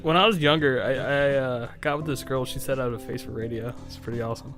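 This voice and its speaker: A man's voice: mid-range voice, quick pace, music in the background. A man co-hosting a casual podcast, laid-back and swearing casually. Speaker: podcast co-host.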